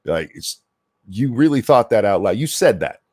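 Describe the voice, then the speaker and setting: A man's voice: lowish voice, big pitch swings, moderate pace, darkish tone, dry recording. A man hosting a ranting reaction commentary, profane, sarcastic and berating. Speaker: commentary host.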